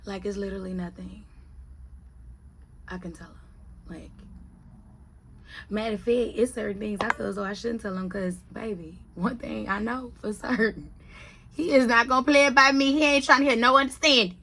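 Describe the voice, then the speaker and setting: A woman's voice: mid-range voice, moderate pace, pauses often, slight background noise. A woman in her thirties chatting casually in a vlog, telling stories animatedly and talking straight to her viewers. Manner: chatty, animated storytelling, addresses viewers as y'all. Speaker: vlogger. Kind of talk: casual monthly update vlog.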